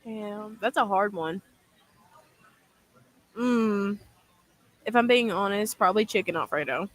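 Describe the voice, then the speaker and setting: A woman's voice: mid-range voice, measured pace. Young woman guest, casual and giggly. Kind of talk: casual livestream chat.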